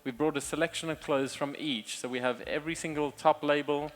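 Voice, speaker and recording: A man hairstylist giving a candid, relaxed speech to hairdressers from a show stage. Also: fairly high pitch, a little fast, slight background noise. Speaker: session stylist and show presenter.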